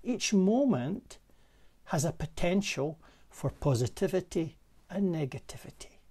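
A man with a Scottish accent, a parish minister giving a gentle, conversational reflective sermon from a room in his manse. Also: sits high, expressive, breathy edge. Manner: gentle, conversational, with pauses and soft laughs.

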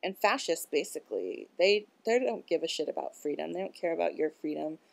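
Low, gravelly-voiced woman ranting bluntly. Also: animated, brisk. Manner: profane, blunt, frequent filler words. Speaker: vlogger. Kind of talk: rambling casual monologue.

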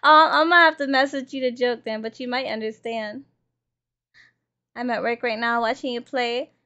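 A woman livestreaming a game, chatting with viewers and swearing and shouting at the game. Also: on the high side, fairly even intonation, normal speed. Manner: swearing, yelling at the game and reading chat. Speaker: streamer. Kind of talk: casual gaming livestream chat. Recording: dull lo-fi stream audio with game music.

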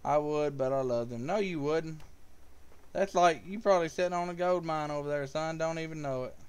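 Man, live game streamer, casual joking chatter, fairly high voice. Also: a little fast, darkish tone, smooth. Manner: casual, joking, talks to viewers by name. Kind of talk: live gameplay commentary, reading chat.

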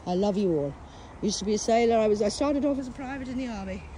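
A woman talks to her phone camera outdoors at a cemetery, and her voice is hoarse, with coughs breaking in. She rambles in a loud, profane and agitated way, jumping from one topic to the next. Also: fairly high pitch, quick pace, slight background noise. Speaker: vlogger.

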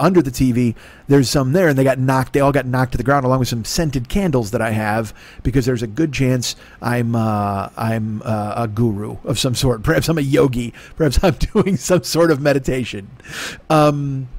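A man hosting a podcast from his home desk, telling a rambling comic story full of swearing. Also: mid-range voice. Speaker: podcast host. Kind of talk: profane comic monologue.

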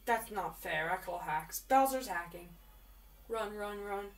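A woman giving live commentary while she plays a game, chatty and excitable, often repeating words in quick bursts. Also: mid-range voice, distant mic. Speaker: gamer.

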